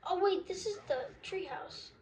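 A young woman giving casual, giggly commentary while she plays a video game, reacting out loud in a scattered way. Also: very high voice, normal speed. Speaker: gaming video creator.

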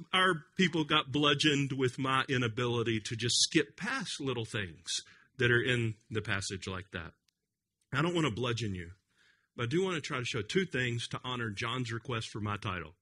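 Male pastor, conference sermon, emphatic delivery, bright forward tone with a husky edge. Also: mid-range voice. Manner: earnest, emphatic, with frequent restarts and repetitions. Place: conference hall.

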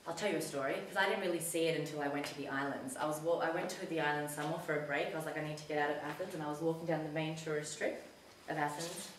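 A woman telling a personal story in a casual talk to an audience, chatty and animated when she quotes herself. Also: deep voice, slight background noise. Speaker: community talk speaker. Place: community centre hall. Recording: echoey hall recorded from a distance.

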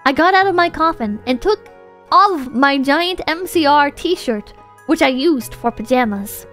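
A woman's voice: sits high, measured pace, soft background music. A woman streamer doing a comedic dramatic reading with mocking asides. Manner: animated, mocking, laughing asides.

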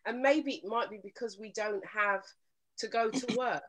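A woman's voice: medium pitch, normal speed, crowd noise, rough recording. A woman hosting a live relationship talk show, chatting casually with callers, laughing often and turning earnest when she urges listeners.

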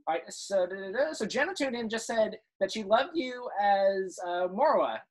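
Male live-show host, hype and playful, animated pitch. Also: normal speed.

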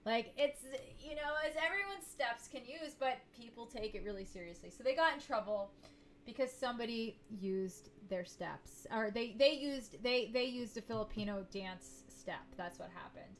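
A woman's voice: fairly high pitch, lively intonation, moderate pace, slight background noise. Chatty young woman, rambling vlog talk. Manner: rambling and chatty, often restarting sentences. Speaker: reaction video host. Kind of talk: casual chat to camera.

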